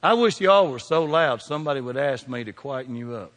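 A man with a Kentucky accent, preaching a lively sermon as pastor and firing questions at his congregation. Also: mid-range voice, brisk. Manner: animated preaching with call-and-response questions. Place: church sanctuary. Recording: long hall reverb.

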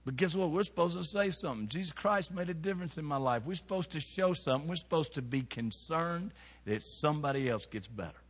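A middle-aged man preaching a folksy, animated sermon, firing rhetorical questions at his congregation. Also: on the high side, a little fast, breathy edge. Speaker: pastor. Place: church sanctuary. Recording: long reverb of a church hall.

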